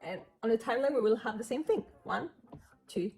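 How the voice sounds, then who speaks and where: A woman's voice: fairly high pitch, racing, darkish tone. A woman giving a beginner piano lesson, patiently counting beats and chanting rhythm syllables aloud. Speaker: piano teacher.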